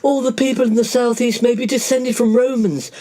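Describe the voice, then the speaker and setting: Brief: bubbly, excitable lady friend, as a performer puts her on, mid-pitched. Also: brisk, natural voice. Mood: gushing. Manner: gushing, excitable. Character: jolly, gushing woman friend.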